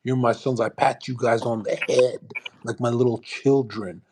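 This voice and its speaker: A man's voice: mid-range voice, steady tone, moderate pace, noisy background. Male host, brash motivational lecturer on a live audio chat; profane and repetitive. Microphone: online audio call.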